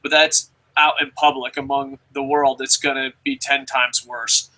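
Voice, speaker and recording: Rambling, swearing man, bright voice. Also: medium pitch, flat delivery, a little slow, rough recording. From New Jersey. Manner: rambling, profane, laughing. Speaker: show host. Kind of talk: casual chat.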